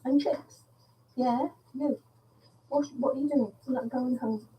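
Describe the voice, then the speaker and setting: A woman's voice: sits high, fairly even intonation, unhurried, warm tone, far from the mic, poor audio. A woman chatting casually and coaxing the dogs with a stream of questions. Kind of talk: casual chat, talking to dogs.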